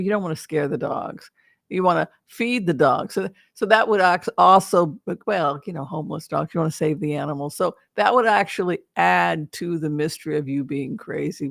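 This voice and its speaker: Slow rambling woman tarot reader. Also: fairly low pitch, creaky, dry recording, studio quality. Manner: rambling, playful, breaks into laughter. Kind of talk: casual rambling chat.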